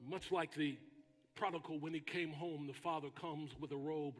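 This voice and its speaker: Pastor, male, husky voice with a high pitch, preaching in a hall with long reverb, dramatic pauses and shouted lines. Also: steady tone, soft background music. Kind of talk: sermon. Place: church sanctuary.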